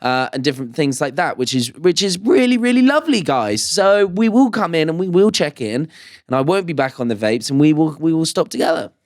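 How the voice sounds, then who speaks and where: A man's voice: on the high side, a little fast, no echo. Guy cohosting a chatty podcast, swears a lot, voice jumps all over, dry close sound. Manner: animated, swears freely while telling stories. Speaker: podcast co-host. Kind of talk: casual podcast chat.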